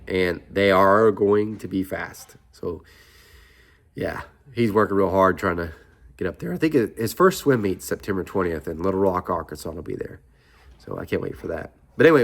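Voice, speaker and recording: Low-voiced rambling middle-aged man. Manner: rambling, chatty storytelling with asides. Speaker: vlogger. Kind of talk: casual chat.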